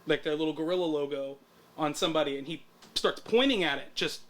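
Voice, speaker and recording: A man, a guest tattoo artist, telling stories in a casual, animated way with plenty of swearing. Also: a little high, brisk. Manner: animated, profane, laid-back. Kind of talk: casual storytelling.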